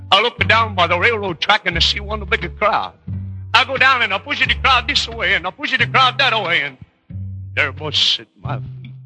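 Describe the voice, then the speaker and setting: A man's voice: a little high, voice pushed up, lightly acted. A man voicing a humble, grieving immigrant railroad worker, who speaks tearful, pleading broken English in a recited story over music.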